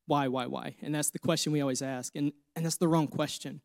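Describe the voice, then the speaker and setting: A man's voice: on the high side, fairly even intonation, fast, no room sound. A man in his thirties preaching a sermon, telling a personal story of suffering and faith, with many repeated phrases. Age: 30s. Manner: personal testimony, grows emotional and louder. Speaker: pastor. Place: church.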